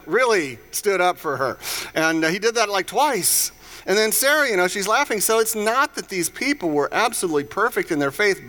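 A man preaching in a relaxed, conversational way, retelling scripture stories with playful voiced asides. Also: on the high side. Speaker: pastor. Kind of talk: casual sermon.

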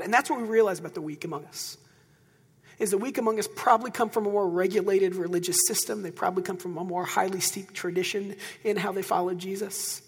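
High-voiced, husky man preaching. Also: long reverb tail. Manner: animated, conversational preaching with asides. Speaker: pastor. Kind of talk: sermon. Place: church auditorium.

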